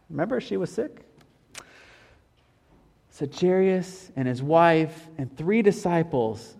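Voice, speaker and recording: High-voiced preacher in a reverberant hall. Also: male voice, animated, darkish tone. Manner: earnest, repeats key phrases slowly. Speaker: pastor. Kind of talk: sermon.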